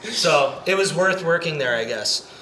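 A man's voice: fairly high pitch, lively intonation, a little slow, bright, forceful tone, echoey room, a little hiss or hum, poor audio. A man hosting a podcast, chatting casually and telling stories with lots of jokes and laughter. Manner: joking, storytelling, laughs often. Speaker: podcast host. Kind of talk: casual chat.

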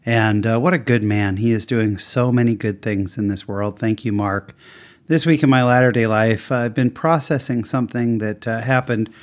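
A man's voice: fairly low pitch, normal speed, dry recording. A man hosting an interview podcast, enthusiastic and effusive with praise for his guest. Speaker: podcast host.

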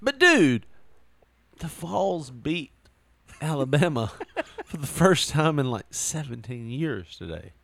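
A drunk, giggly man co-hosting a podcast, rambling through his thoughts. He talks slowly while his pitch swoops all over the place. The sound is close and dry. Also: sing-song, gravelly, fairly bright tone, no echo. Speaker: podcast co-host. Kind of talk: casual chat. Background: smoking a cigar at the mic.

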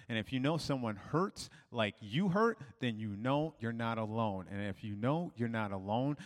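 Energetic man speaking at a school assembly. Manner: energetic and loud, hyping up the crowd, then lowering to earnest. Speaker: motivational speaker and author.

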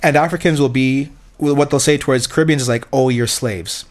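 A man's voice: fairly high pitch, fairly even intonation, fast talker. A man co-hosting a podcast in casual chat, rambling, swearing and acting out quotes. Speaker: podcast co-host.

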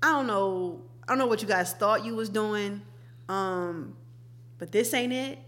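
Bright-voiced young woman, slangy and laughing. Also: medium pitch, a little slow. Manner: laughs often, slangy and animated. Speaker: podcast co-host. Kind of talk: casual chat.

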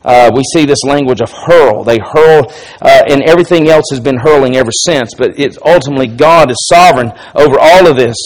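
A man's voice: mid-range voice, a little fast. A man teaching a sermon-style Bible study to a congregation, talking casually with frequent restarts and rising in volume to stress key points.

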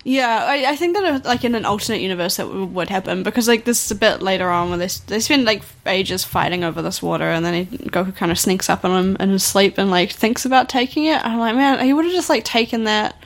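A woman's voice: medium pitch, fast talker, hardly any pauses. A woman co-hosting a casual podcast, laughing and retelling scenes. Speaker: podcast co-host. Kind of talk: casual chat.

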